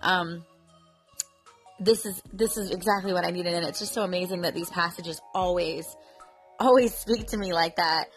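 Woman in her 30s doing a chatty faith podcast, kinda low voice, soft music in the back. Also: normal speed. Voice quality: chatty, earnest, lots of fillers like um and you know. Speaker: podcast host. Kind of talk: casual devotional podcast talk.

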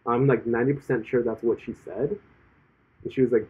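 A man's voice: mid-range voice, brisk, husky. A man in casual chat who rambles with many fillers and retells stories in quoted voices. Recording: tinny lo-fi phone-like audio.

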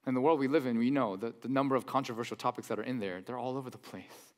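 A man preaching a sermon in a church, conversational and animated, with mock-incredulous asides. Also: mid-range voice, fast talker. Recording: long hall reverb.

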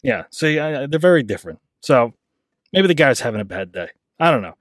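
A man's voice: mid-range voice, big pitch swings, fairly quick, no room sound, studio quality. A man hosting a podcast, telling a rambling everyday story in a casual, self-deprecating way. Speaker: podcast host. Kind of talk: casual monologue.

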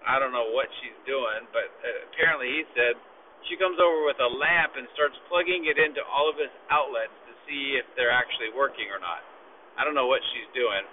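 A man casually telling a long story, rambling and complaining with plenty of profanity. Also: medium pitch. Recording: phone-like lo-fi with faint noise.

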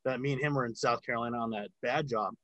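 A man's voice: mid-range voice, quick pace, fairly bright tone, no echo, lo-fi sound. A man in casual chat, telling a long story about working sound on a film set, with lots of filler words and swearing.

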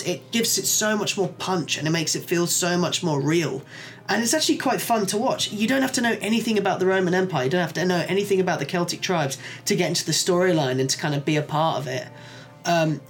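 A podcast co-host in casual chat, enthusiastically recommending a show, swearing freely and using lots of fillers. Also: mid-range voice. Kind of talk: casual chat reviewing shows.

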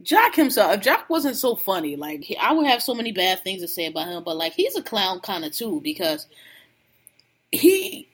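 Animated husky woman gossiping. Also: medium pitch, moderate pace. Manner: animated, laughing, slangy and blunt. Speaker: podcast co-host. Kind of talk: casual reality TV gossip chat.

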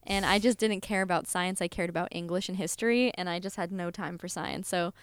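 Smooth, low-voiced young woman. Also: brisk, no echo, clean studio sound. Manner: chatty, full of "like" fillers, swears and laughs easily. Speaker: podcast guest. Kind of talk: casual chat.

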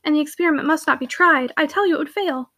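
Outspoken young heiress, emphatic and decided, high and quick, read by a woman. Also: bright, forceful tone, no echo, clean studio sound. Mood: firm.

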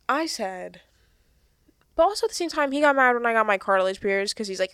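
A young woman talking fast and animatedly in a casual podcast chat, swearing often. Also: fairly high pitch, expressive, fairly bright tone, smooth. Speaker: podcast co-host.

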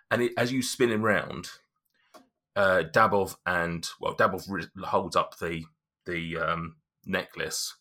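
A man's voice: sits low, fairly even intonation, takes it slowly, sharp tone. A man narrating as game master, hesitant and full of restarts.

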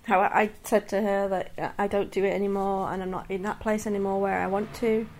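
A woman's voice: mid-range voice, flat delivery, fairly quick. A woman in her thirties speaking candidly and earnestly in a personal podcast monologue. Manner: candid and earnest, many restarts and soft laughs. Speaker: podcast host.

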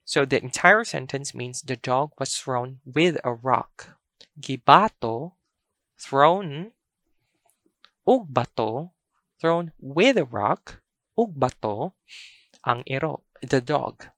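A woman teaching a language lesson, speaking slowly and carefully and repeating each word for practice. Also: very deep voice, fairly bright tone, no room sound, clean studio sound.

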